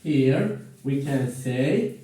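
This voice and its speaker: A man teaching a grammar lesson to a class, slow and encouraging, repeating words for students to echo. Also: medium pitch, expressive, dark tone. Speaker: English teacher. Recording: echoey room, voice far from mic.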